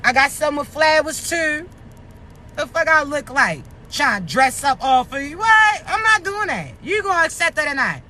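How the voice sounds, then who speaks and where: Outdoors near traffic, a vlogger in her thirties rants bluntly to camera for her followers, swearing, firing off rhetorical questions and sounding slightly short of breath. Her voice sits high and is very animated, bright and forceful, at a moderate pace.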